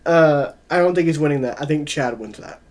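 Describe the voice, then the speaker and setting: A podcast co-host chats casually, setting out his predictions and hedging them with "I think." His voice is fairly high, a little mellow, and fairly quick.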